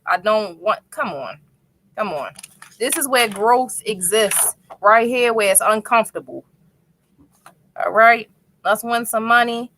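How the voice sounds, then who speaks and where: Bright Baltimore woman hosting a livestream. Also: a little high. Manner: animated, playful, repeats phrases for emphasis. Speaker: host and instructor. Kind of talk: casual livestream talk show.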